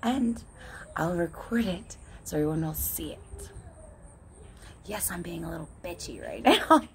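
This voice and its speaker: A woman's voice: lowish voice, expressive, measured pace, slight background noise. A woman talking in a casual, candid vlog monologue, swearing often and laughing between thoughts. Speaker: vlogger.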